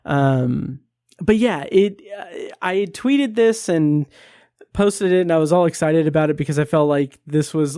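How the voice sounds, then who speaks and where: A man's voice: a little high, unhurried, dark tone, no echo, clean studio sound. A man hosting a film podcast in casual chat, rambling with many fillers and frequent laughs. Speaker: podcast host.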